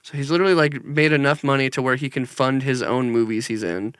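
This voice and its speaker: Young guy podcasting, jokey, does goofy impressions, bright punchy voice, dry close mic. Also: mid-range voice, fast talker, smooth, no room sound. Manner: joking, does mocking impressions, laughs often. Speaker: podcast co-host. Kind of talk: casual chat.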